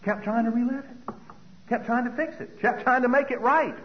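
A man's voice: very high-pitched, moderate pace, lo-fi sound. A middle-aged man giving a personal recovery talk, earnest and repeating key phrases for weight. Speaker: recovery meeting speaker.

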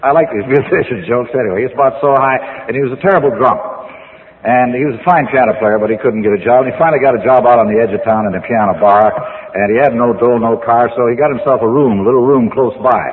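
A man's voice: mid-range voice, a little hiss or hum. A man in a rambling, folksy storytelling talk who tells jokes and chuckles at his own punchlines. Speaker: speaker telling his drinking story. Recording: tinny narrow-band old recording in a reverberant hall.

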